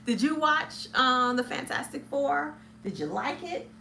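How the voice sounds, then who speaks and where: Her voice is high-pitched and sing-song, creaky with a sharp edge, and she takes it slowly. As a film reviewer in a casual movie review chat, she rambles amiably, stumbles, drops many ums and laughs a lot. Slight background noise is audible.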